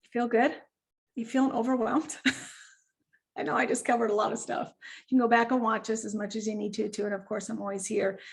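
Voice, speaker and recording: A woman dog trainer coaching clients over a video call, animated and quick to act out owners and puppies. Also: fairly high pitch, creaky. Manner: animated, acts out owners and puppies in quoted voices. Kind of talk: virtual client training session.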